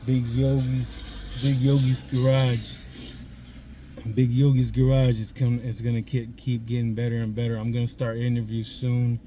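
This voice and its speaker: With a flat delivery, a dark tone and a normal speed, his mid-range voice sits over slight background noise. He's a vlog host in his forties confessing from a parked car, raw and emotional, cursing freely as he chokes up in tears.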